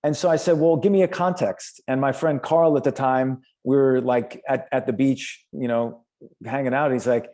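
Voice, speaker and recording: With a steady, mellow mid-range voice and moderate pace, this American actor chats as an interview guest. His casual anecdotes are full of fillers and restarts.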